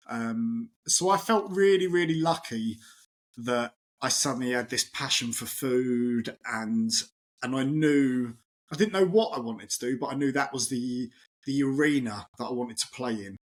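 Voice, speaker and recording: A man in his forties, a chef, chatting as a podcast guest and telling lively anecdotes, acting out the voices of people in his stories. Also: mid-range voice, measured pace. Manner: animated anecdotal storytelling, acts out quoted voices. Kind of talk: casual interview chat.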